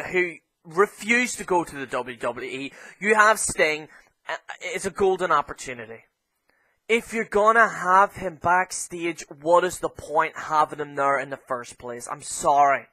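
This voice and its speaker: Bright-voiced Irish man ranting. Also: high-pitched, rough recording. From Ireland. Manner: heavy swearing, heated ranting; flares into shouting. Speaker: wrestling show reviewer. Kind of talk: ranting show review.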